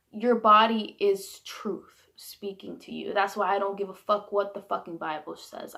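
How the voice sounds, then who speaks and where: A woman's voice: mid-range voice, gravelly. A young woman in her twenties venting bluntly and heatedly about her upbringing, swearing freely in a candid vlog. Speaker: vlogger. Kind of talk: candid personal rant.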